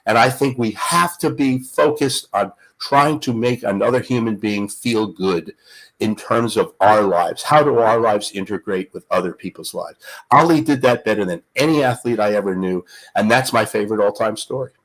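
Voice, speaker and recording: A man's voice: fairly low pitch, normal speed, poor audio. An older man, a guest on the show, telling stories in a dramatic, emphatic way. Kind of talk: animated storytelling.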